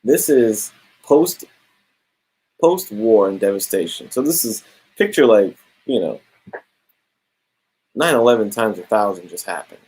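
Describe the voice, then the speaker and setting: A young man casually reviewing a comic book, talking in a relaxed, slangy way. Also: lowish voice, a little slow, long pauses, husky, poor audio. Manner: laid-back slangy, drops "bro" and "straight up".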